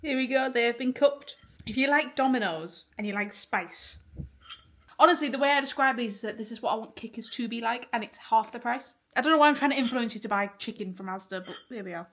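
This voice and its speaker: Chatty young woman vlogging at home. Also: a little high. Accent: faint Northern English. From Liverpool, England. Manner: chatty, swears casually, laughs often. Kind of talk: casual vlog chat. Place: home kitchen and flat, indoors. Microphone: handheld phone or camera.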